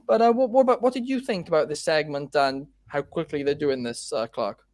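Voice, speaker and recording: A man's voice: a little high, a little fast, darkish tone, dry recording. A man co-hosting a casual wrestling chat show, talking in a loose way with plenty of fillers and restarts. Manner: chatty, frequent fillers and restarts. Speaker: podcast co-host.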